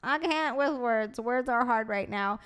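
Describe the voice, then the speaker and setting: A woman's voice: a little high, measured pace, a bit bright, smooth. A woman streamer chatting casually with her viewers, scattered and tired from lack of sleep, swearing freely. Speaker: streamer and podcast host. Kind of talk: casual livestream chat, answering viewer donations.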